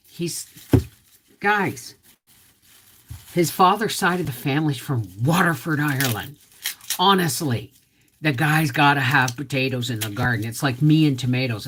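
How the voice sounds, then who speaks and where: A woman's voice: a bass voice, fairly bright tone, slight background noise. A middle-aged woman hosting a casual homestead livestream, rambling chattily and greeting viewers by name, her voice a little off. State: voice slightly off.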